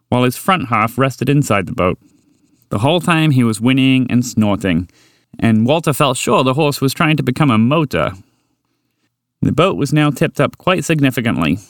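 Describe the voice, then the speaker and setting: A man reads a children's story aloud in a lively, expressive way, with his pitch rising and falling freely. His voice sits in a middle range. It sounds close and dry, with no room echo.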